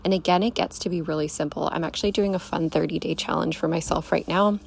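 A woman's voice: sits low, fairly even intonation, fast talker, vocal fry, a little hiss or hum. A young woman hosting a podcast, giving an emphatic, casual motivational talk, swearing freely and calling the listener babe. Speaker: podcast host, coach.

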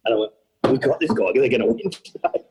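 A middle-aged Australian event organizer talks fast in a medium-pitched voice, captured on a rough recording. In this storytelling interview he's an animated narrator who laughs often and acts out what people said.

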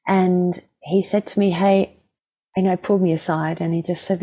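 A woman who works as a mediator, gently and reflectively telling a personal story in an interview. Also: on the low side, fairly even intonation, moderate pace, husky.

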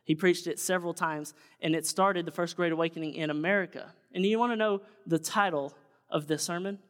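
A man's voice: a little high, steady tone, a little fast, fairly bright tone. A man preaching a sermon as pastor, folksy and conversational, turning earnest and solemn. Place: church sanctuary. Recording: long church hall reverb.

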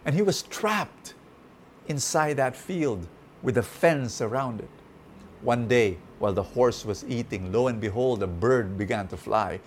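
A man's voice: mid-range voice, expressive, measured pace, slight background noise. A man preaching a sermon, telling a parable and then praying, earnest and repeating key phrases for emphasis.

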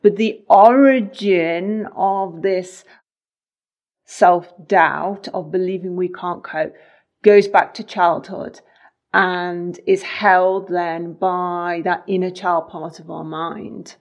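A woman's voice: fairly low pitch, steady tone, slow pace, a little mellow, highs cut off. A woman co-hosting a talk show, explaining ideas in a thoughtful, conversational way. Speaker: podcast co-host.

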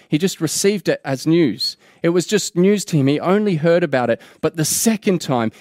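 A man's voice: a little high, no echo, clean studio sound. A man preaching a sermon in an earnest way, repeating key phrases for emphasis.

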